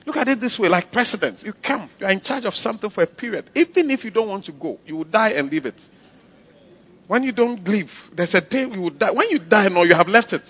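A man's voice: high voice, husky. A man preaching a sermon, emphatic and repeating phrases to the congregation. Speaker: pastor. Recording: dull lo-fi sound.

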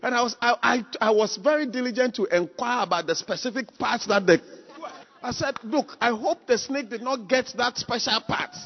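A man preaching a sermon, telling stories with sudden loud exclamations. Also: very high-pitched, moderate pace, gravelly. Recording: echoey hall, dull lo-fi sound.

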